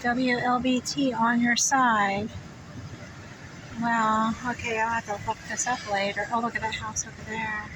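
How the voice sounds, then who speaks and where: A woman narrating her drive in hushed, shocked exclamations from inside a car. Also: on the high side, flat delivery, unhurried, distant mic. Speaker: vlogger. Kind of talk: driving commentary. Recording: clear road noise in car. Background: road and vehicle noise.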